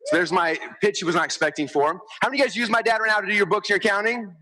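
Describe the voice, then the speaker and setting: A man giving an energetic stage presentation to a live crowd, talking fast and acting out what people say. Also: sits high, low-quality recording. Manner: fast, excitable, acts out quotes. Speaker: speaker on stage. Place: large event stage.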